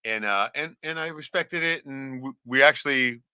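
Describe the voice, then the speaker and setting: A man's voice: mid-range voice, moderate pace, bright, forceful tone, smooth, no room sound. Potty-mouthed guy rambling stories, keeps asking "right?", punchy tone. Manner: swears constantly, blunt storytelling with lots of "right?". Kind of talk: casual profane chat.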